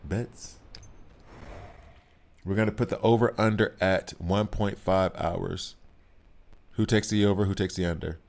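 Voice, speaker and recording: A man giving live commentary on a game he is playing, talking to the characters on screen and reacting out loud. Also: sits low, a little slow, vocal fry, long pauses. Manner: excitable, talks to the game characters. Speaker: gaming streamer.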